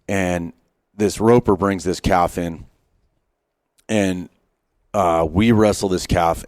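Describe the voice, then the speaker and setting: A man's voice: low-pitched, no room sound, studio quality. A middle-aged man, a former Marine, telling self-deprecating anecdotes in a casual interview, often restarting his sentences. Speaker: podcast guest, former Marine sniper. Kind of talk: casual storytelling. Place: on a wilderness hunting trip.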